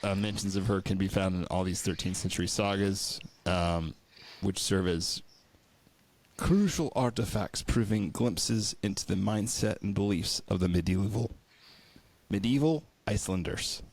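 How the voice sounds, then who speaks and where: A man's voice: sits low, unhurried, darkish tone, no room sound. A man co-hosting a podcast in casual chat, reading folklore notes aloud, swearing, joking and stumbling over words. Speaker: podcast co-host.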